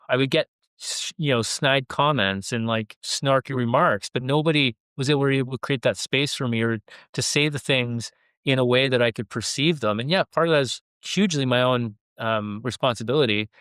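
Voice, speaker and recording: A man's voice: mid-range voice, a bit bright, clean tone, dry recording. A man, an airline pilot and leadership coach, animatedly telling a workplace story with quoted dialogue on a podcast. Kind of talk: conversational storytelling.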